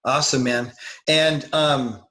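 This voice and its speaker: A man's voice: mid-range voice, fairly even intonation, slow pace, bright, forceful tone, low-quality recording. A man, a dating coach, interviewing a client in casual, encouraging talk full of fillers.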